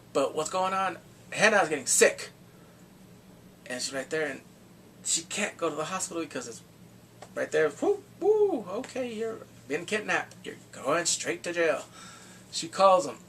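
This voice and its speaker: A man casually recapping a drama's plot, animated and acting out his own reactions with whoops and exclamations. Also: fairly high pitch, vocal fry, distant mic, slight background noise. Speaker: drama reviewer.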